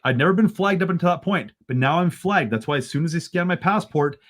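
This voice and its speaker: Animated Canadian man telling a story. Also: a little high, quick pace. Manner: animated, rising into excited bursts. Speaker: guest. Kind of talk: storytelling in a podcast conversation.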